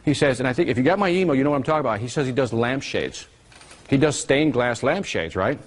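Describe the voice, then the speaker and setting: At a live marketing seminar, a fast-talking man with a mid-range voice keeps things animated, ribbing his audience and pulling responses out of them call-and-response style.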